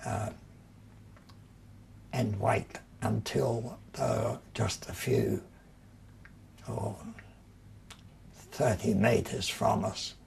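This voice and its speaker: Gravelly, very slow elderly man. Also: on the low side, fairly even intonation, darkish tone. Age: older. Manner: slow, measured storytelling with pauses. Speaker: war veteran interviewee. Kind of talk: reminiscing in an interview.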